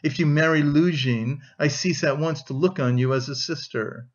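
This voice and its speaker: A man reading an audiobook, voicing a bitter young man who speaks gravely and dryly. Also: a little high, moderate pace, highs cut off, natural voice. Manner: grave, dry, scornful.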